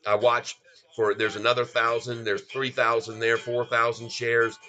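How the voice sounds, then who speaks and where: Excited commentary on a stock chart comes from a middle-aged man hosting a livestream, exclaiming about the moves and talking directly to viewers as folks. His medium-pitched voice is bright and forceful yet completely flat in delivery, at normal speed, on a muffled recording.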